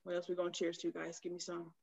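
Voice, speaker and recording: A woman co-hosting a podcast, lively and affirming in casual chat with a guest. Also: lowish voice, fast talker, vocal fry, lo-fi sound. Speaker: podcast co-host.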